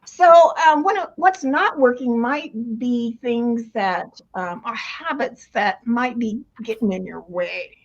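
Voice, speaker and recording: An older woman with a high voice explains her coaching in a loose, rambling way, full of restarts and easy laughter. The recording is dull and lo-fi. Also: slow, hardly any pauses. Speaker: retirement coach. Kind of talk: casual interview talk. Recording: dull lo-fi sound.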